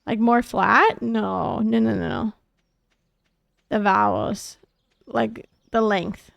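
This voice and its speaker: A woman's voice: medium pitch, slow pace, vocal fry, dry recording, dull audio. A Canadian woman streamer chatting casually and joking with viewers as she reacts to videos. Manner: chatty, joking, greets viewers while watching.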